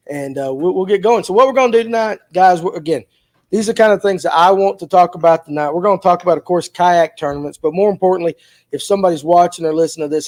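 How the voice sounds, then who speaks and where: A man hosting a laid-back fishing talk show, with a voice that sits high for a man. He jokes through his introductions and fumbles with the setup. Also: darkish tone. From Georgia, USA. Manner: loose, joking, fumbling through technical hiccups. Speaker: podcast host. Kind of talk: casual chat.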